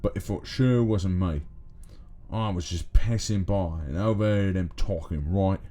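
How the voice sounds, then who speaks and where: A man's voice: low voice, unhurried, warm tone. A man voicing a shifty male thief under arrest, defensive and talking in a put-on accent he calls bad.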